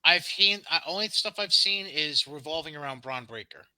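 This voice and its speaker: A man's voice: fairly high pitch, expressive, moderate pace, pushed and bright, no room sound, poor audio. A man co-hosting a podcast, casually recapping wrestling shows with sarcastic, dismissive asides and frequent ums. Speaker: podcast co-host.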